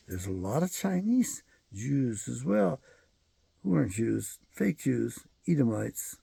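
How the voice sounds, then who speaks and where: A man's voice: on the high side, creaky, mellow, breathy edge, dry recording. A man hosting his own show, delivering a rambling, profane and emphatic solo commentary monologue. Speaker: show host.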